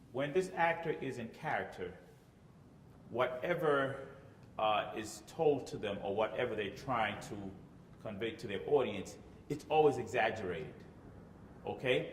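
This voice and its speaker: A man's voice: fairly low pitch, a little hiss or hum. A man teaching choir rehearsal, explaining step by step and checking in with "okay?". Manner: explanatory, says "okay?" often, sings phrases to demonstrate. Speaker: choir director. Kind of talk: instructional talk with sung examples. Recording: echoey room with long reverb.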